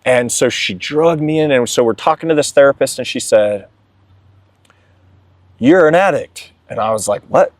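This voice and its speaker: Young guy opening up about his past, animated and emotional, pretty dry close sound. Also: medium pitch, a little fast, few pauses, dry recording. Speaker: interview guest. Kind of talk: candid testimony.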